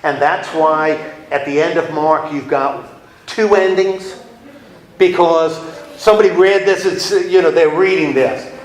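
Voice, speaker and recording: Male Bible teacher, high-pitched, chatty and playful, recorded in an echoey room. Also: fairly even intonation, a little slow. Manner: chatty, playful, acts out little scenes with laughs. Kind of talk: casual Bible class lecture. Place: room with a class.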